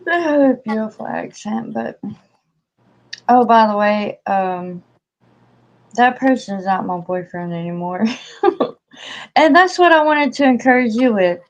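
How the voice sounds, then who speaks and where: A woman's voice: a little high, lively intonation, measured pace, pauses often. A woman in casual chat, talking freely with many fillers, acted-out quotes and frequent laughs. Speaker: co-host. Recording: dull lo-fi audio.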